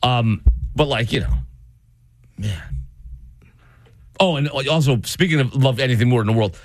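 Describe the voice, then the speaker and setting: A man in his thirties telling family stories in casual chat, mimicking others in high voices. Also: normal speed, no room sound, clean studio sound.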